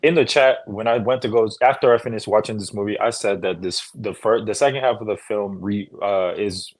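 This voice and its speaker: A man in a casual film review chat, with a voice pitched lower than most men. He takes his time and searches for words with fillers and restarts. His tone stays easygoing and full of slang. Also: a little fast. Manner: hesitant, many fillers and restarts, laid-back slang. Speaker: podcast co-host reviewing films.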